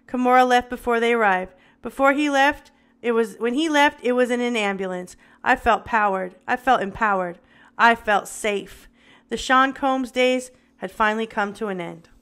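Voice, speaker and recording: A woman's voice: a little high, a bit bright, clean tone. A woman reading a memoir aloud in the first person, dramatic and with occasional stumbles. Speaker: reader.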